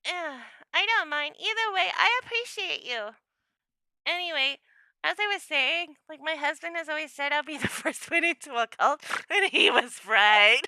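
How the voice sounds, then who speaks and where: A woman's voice: high-pitched, normal speed, sharp tone, dry recording, studio quality. A young woman chatting casually on a home livestream, laughing often and acting out her own quotes. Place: home room.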